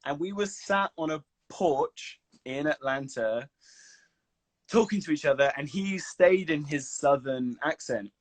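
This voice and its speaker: A man's voice: fairly high pitch, a little slow, no room sound. Guy, laughing storyteller, swears a lot, dry sound. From England. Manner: animated, swears freely, laughs while telling stories. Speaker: actor guest. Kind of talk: casual chat. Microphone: video call.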